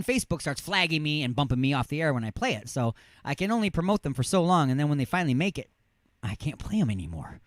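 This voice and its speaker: A man's voice: fairly high pitch, dry recording. A man hosting an internet radio show from a studio, joking and rambling with self-mocking asides as he reads out odd news stories. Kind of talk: comedic radio banter reading news stories.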